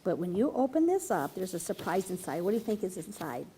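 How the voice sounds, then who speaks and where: A woman reading a picture book aloud to a group of children, playful and animated, stopping often to ask them questions. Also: fairly low pitch, fast talker, slightly rough. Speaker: children's storyteller.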